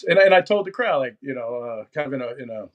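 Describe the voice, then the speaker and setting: A man's voice: mid-range voice, animated, fast talker, lo-fi sound. A middle-aged American man, a podcast guest, talking casually and rambling with many restarts and fillers. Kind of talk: casual chat.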